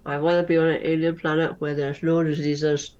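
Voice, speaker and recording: A woman's voice: sits low, level tone, brisk, darkish tone, muffled recording. A woman co-hosting a let's play stream in casual chat, playful and jokey. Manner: playful, jokey, sings bits of songs. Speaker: streamer co-host.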